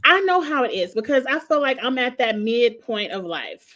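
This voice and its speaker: A woman's voice: fairly high pitch, very animated, normal speed, a bit bright. A woman. She recaps reality TV in loose, chatty commentary. She often turns to address the cast members directly with sassy, gossipy asides. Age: 40s. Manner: gossipy, sassy, talks straight to the people she discusses.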